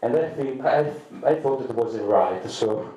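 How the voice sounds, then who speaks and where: A man's voice: mid-range voice, animated, lo-fi sound. Italian man, echoey club from far. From Italy. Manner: halting, hesitant English with frequent restarts. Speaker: stand-up comedian. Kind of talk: stand-up comedy set. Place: comedy club stage, indoors. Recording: roomy echo, mic from afar.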